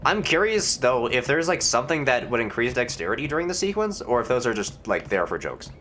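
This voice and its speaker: A man casually rambling through a video game, musing aloud and reading on-screen text as he goes. His voice sits at an everyday middle pitch, with a faint hum of background noise behind it. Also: sing-song, brisk, bright, forceful tone. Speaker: gamer. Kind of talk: let's-play commentary.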